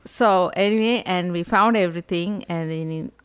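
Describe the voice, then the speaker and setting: An older woman, a guest's mother, speaking softly in short answers during a casual podcast chat. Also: lowish voice, normal speed, smooth. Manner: soft-spoken, brief answers.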